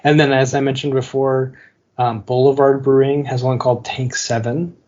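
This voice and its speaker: A chatty man co-hosting a podcast, talking loosely with plenty of "like" fillers and frequent laughter. His voice sits at an everyday middle pitch. The audio is slightly dull, missing some top end. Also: little pitch movement, normal speed, a little mellow. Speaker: podcast co-host. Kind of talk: casual chat.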